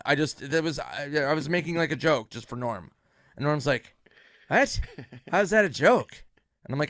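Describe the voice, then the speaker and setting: A man casually telling a story about a friend, acting out loud, excited quotes and swearing. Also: medium pitch, fairly quick, no room sound, studio quality. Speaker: comedian telling an anecdote.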